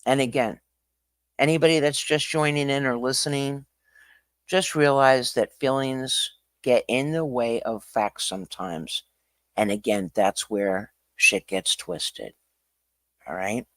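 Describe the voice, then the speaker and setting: A man hosting a livestream, talking casually in an animated, ranting way that swings from quiet to loud. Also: mid-range voice, slow pace, dry recording, studio quality. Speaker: livestream host.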